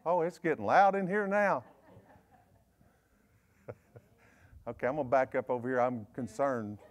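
A man with a Southern US accent, a bishop preaching a sermon in a folksy, joking way with quick asides. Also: medium pitch. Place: church service.

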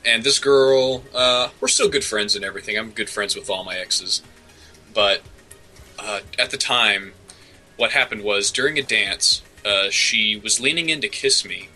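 A man's voice: lowish voice, measured pace, bright, forceful tone, faint music behind, poor audio. A young man co-hosting a podcast, telling a rambling personal story with many fillers and restarts. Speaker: co-host. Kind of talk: casual chat.

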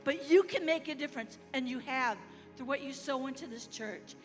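A high-pitched American woman preaching to a congregation in a church hall with a long echo. She is animated and leads call-and-response. Music plays behind her. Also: moderate pace. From United States. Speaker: guest missionary preacher. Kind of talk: sermon.

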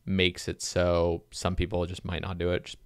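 Man, podcast host, low smooth voice, dry close sound, laid-back rambling chat. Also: normal speed, no echo. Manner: relaxed, rambling with many "like" fillers. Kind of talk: casual gaming podcast chat.

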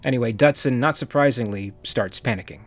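A man's voice: mid-range voice, brisk. A man narrating a comic review as host, in a dry, wry manner. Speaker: video essay host.

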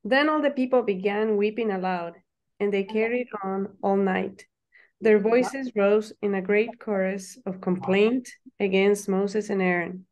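A woman's voice: medium pitch, measured pace, a little mellow. Woman reading scripture aloud.

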